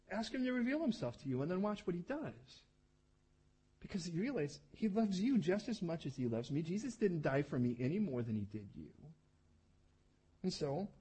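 A man preaching a lively, humorous sermon, often acting out the voices in the stories he tells. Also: sits high, husky. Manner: animated, humorous, acts out voices.

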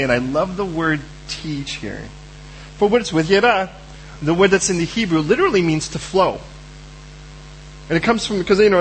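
A man preaching a sermon in a lively, animated way, acting out the voices of Bible figures. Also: fairly high pitch, a little hiss or hum, low-quality recording.

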